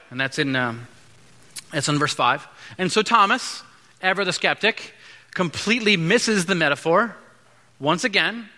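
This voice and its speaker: Man, pastor, sermon, bright forceful voice, slightly high, long hall echo. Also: expressive. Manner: conversational preaching with quick acted-out asides.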